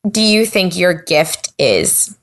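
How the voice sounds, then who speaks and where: Relaxed, low-voiced podcast host woman. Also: slow. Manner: relaxed, reflective, laughs easily. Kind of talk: casual interview chat.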